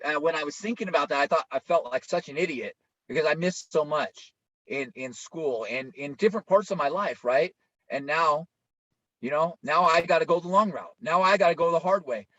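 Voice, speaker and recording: Guy preaching in a chatty casual way, kinda high voice, dull dry lo-fi audio. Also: normal speed, a bit bright, no room sound. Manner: informal, often adds "right?". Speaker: pastor. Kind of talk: conversational sermon.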